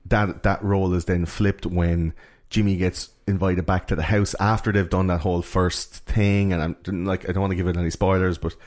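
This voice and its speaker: A man's voice: sits low, little pitch movement, normal speed, hardly any pauses, darkish tone. A man chatting casually on a podcast, retelling film scenes in a rambling way full of fillers and restarts.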